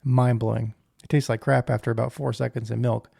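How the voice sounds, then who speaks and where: A man's voice: medium pitch, flat delivery, brisk, gravelly, warm tone, slightly rough, no echo, clean studio sound. A man co-hosting a podcast, giving emphatic opinions with stammering restarts. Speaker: podcast co-host. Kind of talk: casual chat.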